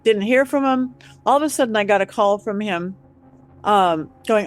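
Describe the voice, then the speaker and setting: A woman telling a story as a guest, acting out the quoted voices with lively changes. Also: medium pitch, normal speed. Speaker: guest psychic medium. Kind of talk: animated storytelling.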